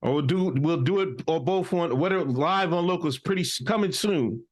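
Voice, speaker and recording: A middle-aged man co-hosting a comedic podcast, teasing his co-host with mock accusations in lively banter. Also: a little high, moderate pace.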